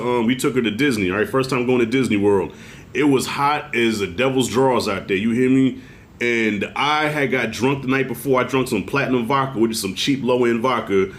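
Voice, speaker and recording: A middle-aged man giving a casual video review of a TV show, telling stories in a loose, profane, animated way. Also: medium pitch. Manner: animated, profane storytelling with acted-out quotes.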